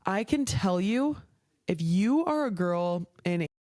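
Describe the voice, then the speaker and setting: A young woman talks candidly on her podcast, fired up and blunt, her speech full of curses and "like". Her voice sits at an ordinary middle pitch. The recording is close and dry, with no room sound. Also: animated, unhurried, mellow, no room sound. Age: young adult. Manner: frank, heated, swears often, peppered with "like". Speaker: podcast host. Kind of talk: casual chat.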